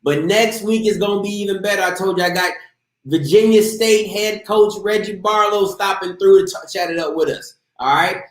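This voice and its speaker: Male interview host, hyped and slangy, higher voice, echoey room sound. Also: moderate pace. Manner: hyped, slangy, talks straight to viewers. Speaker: show host. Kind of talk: casual live interview show.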